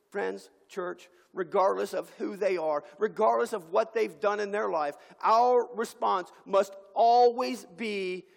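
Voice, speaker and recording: Pastor, male, high gravelly voice, impassioned sermon, big church reverb. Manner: impassioned preaching with dramatic pauses. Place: church sanctuary. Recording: long hall reverb.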